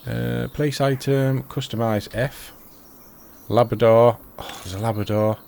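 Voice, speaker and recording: A man's voice: mid-range voice, steady tone, unhurried, creaky, a little mellow. A man giving casual commentary while playing a farming game, chatty and thinking aloud to himself. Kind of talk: casual let's-play commentary.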